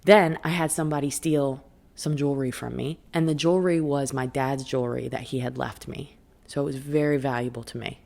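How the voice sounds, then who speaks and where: A woman with a low voice hosts a casual spiritual podcast. She talks frankly and conversationally, and often checks in with her listeners. Her voice carries a gravelly, creaky edge. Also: steady tone, a little fast, a little mellow. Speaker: podcast host and life coach.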